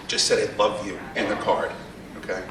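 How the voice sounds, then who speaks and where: A man's voice: lowish voice, flat delivery, moderate pace, background noise. A male stand-up comedian, brashly teasing the audience during his routine. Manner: brash, teasing the crowd with asides. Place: theater stage with a live audience. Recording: echoey theater from far off, audience laughter.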